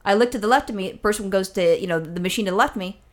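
Talking very fast at a medium pitch, a woman rants through a long, exasperated anecdote in casual chat. She swears often and acts out both sides of the exchange.

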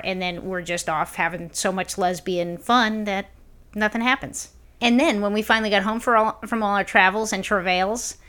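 A woman co-hosting a podcast, telling stories in a blunt, profane, animated way. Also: medium pitch. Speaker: podcast co-host. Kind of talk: casual podcast chat.

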